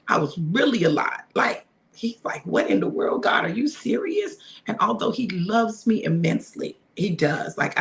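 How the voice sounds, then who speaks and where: A woman's voice: on the low side, vocal fry, fairly bright tone. A middle-aged woman giving a casual spiritual talk to her listeners, repeating phrases for emphasis and speaking to them directly. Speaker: minister sharing a devotional.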